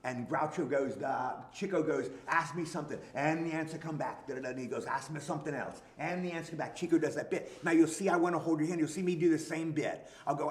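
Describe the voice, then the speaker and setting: An older man, an actor guest at a convention, telling stories in an animated way and acting out comic bits. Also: fairly high pitch, fast talker, hardly any pauses. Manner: animated, tells anecdotes and acts out bits. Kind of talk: convention interview storytelling. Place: convention hall, live stream. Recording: echoey room.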